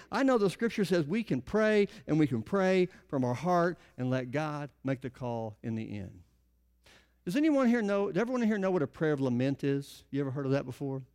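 A man's voice: high voice, darkish tone. A middle-aged man preaching a conversational sermon to a church congregation, often putting questions to the listeners. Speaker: pastor.

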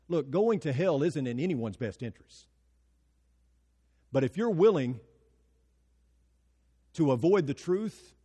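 A man preaching a sermon as pastor, emphatic, asking rhetorical questions and dropping to quiet, pointed lines. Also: high voice, in a large hall.

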